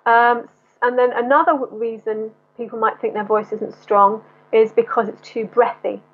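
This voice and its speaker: A woman's voice: fairly high pitch, steady tone, moderate pace. A woman vocal coach explaining singing technique in an interview, in a teaching manner that breaks into short sung demonstrations. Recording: tinny phone-like line.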